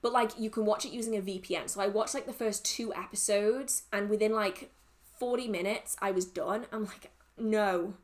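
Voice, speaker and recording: A woman's voice: mid-range voice, steady tone, fairly quick. A young woman hosting a livestream, chatting casually and rambling through viewer questions with restarts and laughter. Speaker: livestream host.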